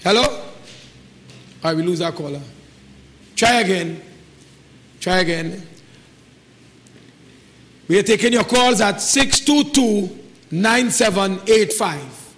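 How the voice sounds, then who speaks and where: A man's voice: high-pitched, animated, slow pace, pauses often, a bit bright, slight background noise. A man with a Trinidadian accent hosting a live call-in talk show, encouraging and repeating himself. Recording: reverberant studio sound.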